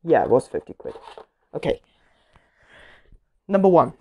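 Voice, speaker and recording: A woman giving casual commentary while she plays a game show video game, reacting loudly to each result and getting easily annoyed. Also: low voice, huge pitch swings, a little slow, vocal fry, long pauses.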